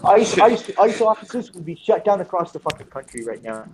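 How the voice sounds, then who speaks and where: A man's voice: high voice, big pitch swings, a little fast, noisy background. A man on a panel, talking heatedly and emphatically with a lot of swearing, often repeating words as he goes. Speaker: panel member.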